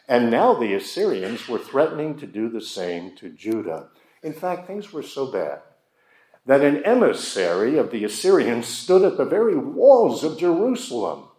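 A man's voice: medium pitch, darkish tone. A man preaching a sermon, speaking emphatically and asking his listeners rhetorical questions. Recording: roomy echo.

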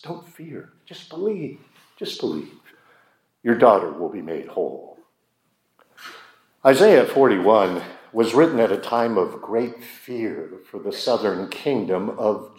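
A man's voice: fairly low pitch, darkish tone. A man preaching a sermon, speaking emphatically and asking his listeners rhetorical questions. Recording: roomy echo.

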